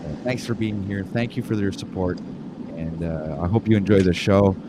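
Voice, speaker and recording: A man's voice: sits low, normal speed, noisy background. A man from Canada with a French Canadian accent hosting a casual livestream talk show, stumbling over his words and joking about himself. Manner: stumbling, self-mocking, often restarts words.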